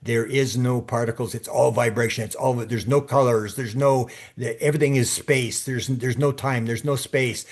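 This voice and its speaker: A man's voice: medium pitch, steady tone. A man speaking as a guest on a podcast, telling stories in a loose, conversational way. He stumbles and restarts often, doubling back on his words, and slips into acting out what people said. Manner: halting, with frequent restarts and repeated words; acts out quoted speech in his stories. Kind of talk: casual interview storytelling.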